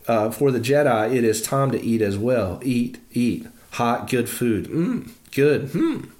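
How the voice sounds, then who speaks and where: A man's voice: mid-range voice, big pitch swings, a little slow, a little mellow. A man reading the lines of an ancient small alien master, stern and patient, in clipped phrases with inverted word order.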